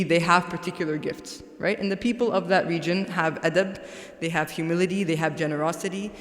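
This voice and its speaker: A woman giving a religious talk to a congregation, conversational, often checking in with "right?". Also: on the low side. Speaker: guest speaker. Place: large mosque hall. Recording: echoey hall with long reverb.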